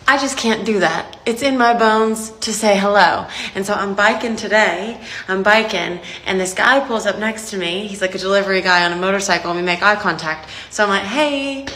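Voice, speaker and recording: A woman's voice: mid-range voice, fairly quick, few pauses, sharp tone, echoey room, low-quality recording. A woman chatting through a casual anecdote to camera. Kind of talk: casual vlog storytelling.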